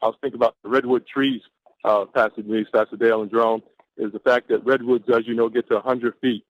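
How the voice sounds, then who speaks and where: A man's voice: medium pitch, flat delivery, quick pace. A man, from Atlanta, giving an exuberant, preacher-like motivational pep talk on a conference call and stretching out his key words. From Atlanta, Georgia, USA. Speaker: caller on a team conference call. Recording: dull lo-fi conference call audio.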